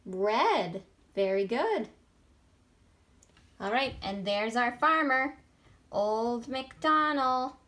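A woman who is a children's librarian, gently teaching a sing-along lesson for small children. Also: fairly high pitch, expressive, very slow, long pauses. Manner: gentle, encouraging, sings with ukulele.

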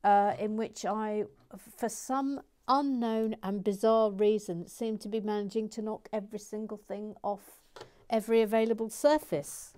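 A woman's voice: mid-range voice, fairly even intonation, normal speed, mellow, clear, resonant tone. A woman hosting a building stream, chatting casually and with self-mockery as she reads viewer comments, often dropping to a whisper while she concentrates.

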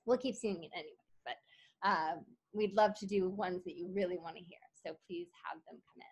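A woman's voice: lowish voice, a little fast, breathy edge. A woman hosting an online singalong over a video call, upbeat and encouraging.

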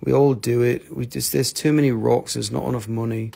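A man's voice: medium pitch, fairly even intonation, a little fast, gravelly, dark tone. A man from North Carolina hosting a live crystal sale, joking and rambling as he shows each piece. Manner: jokey, rambling, self-mocking. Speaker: host of a live crystal sales stream. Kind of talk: casual live sales chat.

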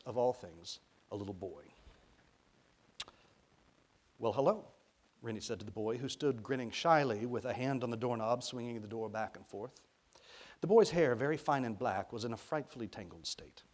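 Man reading a children's novel aloud. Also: a little fast. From Arkansas. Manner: expressive storytelling, rising for suspense and dropping low for quiet reveals. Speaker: author reading his own fiction. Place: college reading event.

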